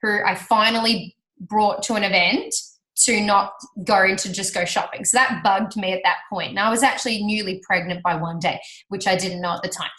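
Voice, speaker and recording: A woman telling a personal story to an audience, chatty and animated, laughing often and acting out what people said. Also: medium pitch, a little fast. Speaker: speaker sharing her business success story. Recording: roomy hall reverb.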